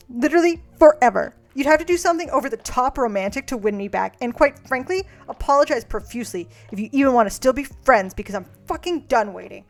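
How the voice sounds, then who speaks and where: A young woman streaming, casually reading her old letters aloud and mocking her past self, swearing freely. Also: on the high side. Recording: faint music behind.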